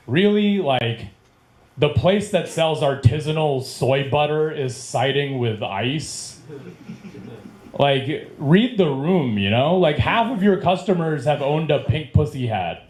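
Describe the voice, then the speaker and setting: Lively stand-up comic man in his thirties. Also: fairly high pitch, slow. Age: 30s. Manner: chatty, rambling, laughs at own jokes. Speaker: stand-up comedian. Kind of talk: stand-up comedy set. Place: comedy club stage. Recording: echoey club with faint room noise.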